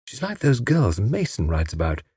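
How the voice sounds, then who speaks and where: A man reading an audiobook, voicing a self-important young man who plays at being a great detective, in a slightly husky voice. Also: medium pitch, wildly swooping pitch, moderate pace, mellow, no echo, studio quality, heavily acted. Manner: self-important, theatrical, bossy. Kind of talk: audiobook character voice.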